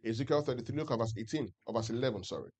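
Male pastor at mid pitch, preaching to a congregation with constant call-and-response checks. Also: expressive, very fast, darkish tone, slightly rough. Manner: keeps asking the congregation if they follow; leads the congregation in reading scripture aloud. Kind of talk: sermon. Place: church service with a congregation.

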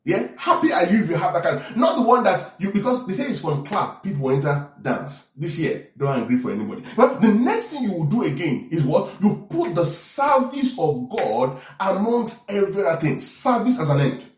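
A man preaching a sermon as pastor, animated, often checking in with the congregation. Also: high-pitched, moderate pace, hardly any pauses. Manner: animated preaching with call-and-response asides. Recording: echoey room from far off.

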